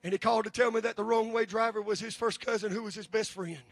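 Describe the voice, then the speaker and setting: A man preaching a sermon, building to shouted, drawn-out peaks and then dropping low and quiet. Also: fairly even intonation, no room sound. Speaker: pastor.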